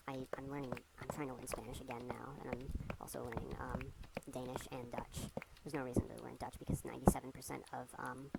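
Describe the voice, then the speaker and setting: A woman's voice: very deep voice, little pitch movement, fast, gravelly, hardly any pauses, heavy background noise. A sleep-deprived young woman rambling to herself as she gives casual gameplay commentary. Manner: rambling, talks to herself, restless. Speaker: gamer.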